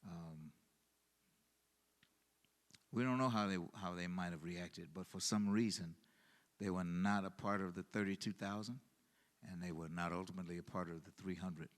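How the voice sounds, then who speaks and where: A man leading a Bible study as pastor, halting with fillers and restarts, then swelling into emphasis. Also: sits low, fairly even intonation.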